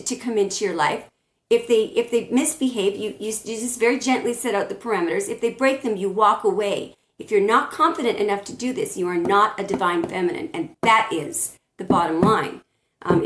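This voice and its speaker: Speaking straight to camera, a woman with a medium-pitched voice gives blunt spiritual relationship advice as a tarot reader, frequently restarting her sentences. The recording has a roomy echo.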